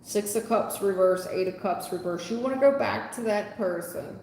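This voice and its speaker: A woman's voice: mid-range voice, normal speed, a little mellow, slight background noise. A woman giving a live tarot reading, sarcastic and scolding in a folksy way. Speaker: tarot reader. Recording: echoey room with long reverb.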